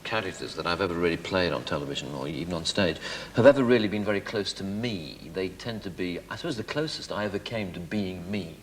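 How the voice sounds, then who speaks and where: Man, very deep voice, stammering restarts, dry humor, echoey studio, faint hiss. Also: fast. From North East England. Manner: hesitant, stammering restarts, dry self-mocking. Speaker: guest comedian. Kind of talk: casual chat show interview. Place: television studio.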